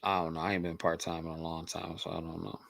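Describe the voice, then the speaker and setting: A man from Michigan with a low-pitched voice chats casually with his stream audience. He is laid-back and circles back to his points over and over. The sound is dry and close, with no room around it. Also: level tone, fast, creaky, a bit bright, no echo. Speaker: host. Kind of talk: casual livestream chat answering viewers.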